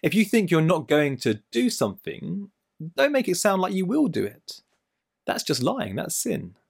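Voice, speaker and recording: This middle-aged man's voice is high-pitched, gravelly, and slightly rough, moving at a normal speed. He preaches on a Bible passage, telling lively everyday stories with playful asides.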